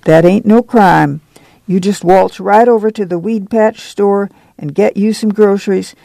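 A woman's voice: medium pitch, creaky, dark tone, no room sound, pitched above the performer's own voice, lightly acted. A reader voicing a stern, commanding woman who leads a camp committee, in a folksy rural dialect.

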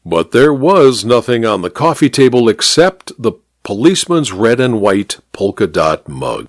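A man hosting a radio mystery hour, narrating a story in an expressive, measured reading. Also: mid-range voice, faint music behind.

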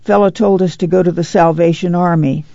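A reader voicing a proud, fierce poor woman, speaking in a bitter, hoarse way. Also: medium pitch, fairly even intonation, a little fast, warm tone, no echo, muffled recording, lightly acted.

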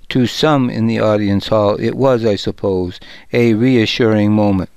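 A man narrating a story in the first person, calm and measured. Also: lowish voice, clear, resonant tone, dry recording. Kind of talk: audiobook narration.

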